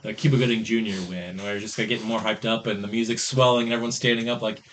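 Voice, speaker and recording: A man's voice: on the low side, steady tone, racing. Rambling young man, faint background noise. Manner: rambling, heavy use of "like". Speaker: podcast co-host. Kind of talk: casual movie chat.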